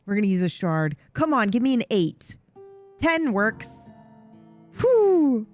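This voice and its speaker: A woman streamer giving lively, reactive commentary while playing a game, swearing when caught off guard. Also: mid-range voice, unhurried, soft background music. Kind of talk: live game playthrough commentary.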